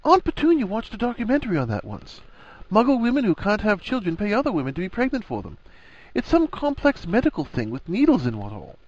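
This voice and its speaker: A man voicing an earnest, flustered young wizard who stammers and rushes. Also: sits high, huge pitch swings, highs cut off, voice pushed up, exaggerated voice. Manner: stammering, eager.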